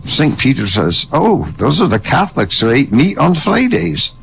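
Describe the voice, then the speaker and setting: A gravelly older man tells stand-up jokes in a wry, dry manner, his pitch rising and falling with each punchline. There is a faint noise under his voice. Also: very animated, normal speed, a bit bright, poor audio. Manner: wry, dry joke delivery. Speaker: comedian. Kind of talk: stand-up joke telling. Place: online voice chat room.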